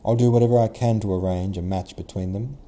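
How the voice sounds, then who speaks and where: A man voicing a gentle young princess who speaks earnestly and firmly. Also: on the low side, fairly even intonation, quick pace, lightly acted. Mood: reflective. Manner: soft, earnest, resolute.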